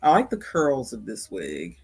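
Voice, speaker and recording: A chatty man in his fifties hosts a casual home livestream, puzzling over crossword clues out loud. His voice swings up and down with lively intonation, picked up close by a headset mic with a dry, dead-sounding room and faint music underneath. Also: medium pitch, measured pace, creaky, husky, no echo. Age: 50s. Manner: chatty, thinks aloud while solving a crossword. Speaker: livestream host. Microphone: headset with headphones.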